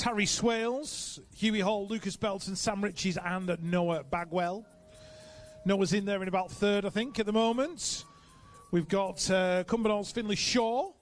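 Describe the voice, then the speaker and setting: A man announcing live races, reeling off rider names and adding chatty asides between calls. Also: sits high. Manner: brisk, reels off rider names. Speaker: race announcer. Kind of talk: live sports commentary. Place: outdoor race track.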